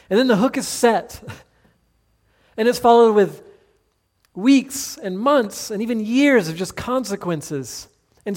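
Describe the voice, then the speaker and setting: High-voiced earnest male preacher. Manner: earnest, pleading rhetorical questions. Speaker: pastor. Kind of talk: sermon.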